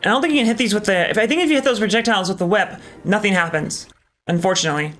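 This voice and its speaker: A man's voice: sits high, very fast, a bit bright, faint music behind. Candid, swearing male game streamer. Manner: casual, candid, swears often, hesitant with many ums. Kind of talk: live gameplay commentary.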